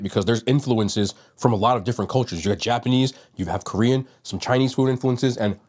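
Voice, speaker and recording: A man's voice: medium pitch, darkish tone. A man from New Jersey reviewing restaurant food on his vlog, talking casually and rambling a little while he eats. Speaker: food vlogger.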